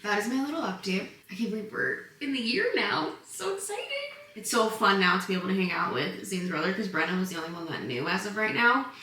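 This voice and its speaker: A woman's voice: mid-range voice, fast talker, hardly any pauses, sharp tone. A young woman chatting casually in a pregnancy vlog at home, tired and a bit breathless, telling stories in a bubbly, giggly way. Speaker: vlogger. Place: home, indoors. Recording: echoey room, mic a bit far.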